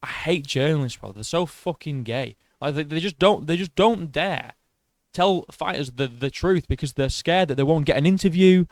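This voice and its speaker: A man's voice: a little high, expressive, moderate pace, no echo. A man giving blunt, profane reaction commentary on boxing.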